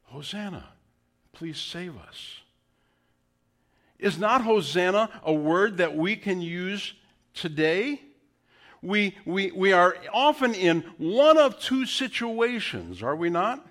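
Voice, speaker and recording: A male pastor preaching in a slow, deliberate way with a lively, swinging pitch that sits a bit high. He acts out the quotes, dropping to a hush and then rising to a call. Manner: animated preaching, quotes scripture in hushed and raised voices. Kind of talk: sermon.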